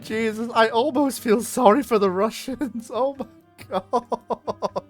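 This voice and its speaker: A streamer, commenting live on a strategy game and bursting into loud exclamations. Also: medium pitch, slow, soft background music.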